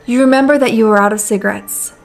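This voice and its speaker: A woman's voice: a little high, steady tone, fast talker, soft background music, lightly acted. A woman reading as a clumsy friendly neighbor guy. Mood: chummy.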